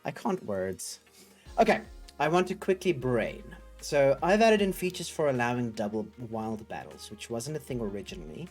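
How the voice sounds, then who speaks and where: A man's voice: medium pitch, sing-song, moderate pace, darkish tone, faint music behind. A man hosting a casual coding livestream, thinking aloud and chatting with viewers in a rambling, upbeat way. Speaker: livestream host.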